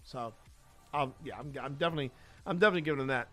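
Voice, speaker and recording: A man's voice: mid-range voice, rapid-fire, a bit bright, soft background music. A man hosting a podcast reads out news and chats casually, rambling and restarting his sentences. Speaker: podcast host.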